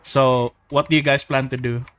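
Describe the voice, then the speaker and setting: A man's voice: mid-range voice, little pitch movement, normal speed, a bit bright, clean tone, no echo, rough recording. A man running a tabletop game as game master, describing scenes in a rambling way with many restarts. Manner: rambling, full of likes and restarts.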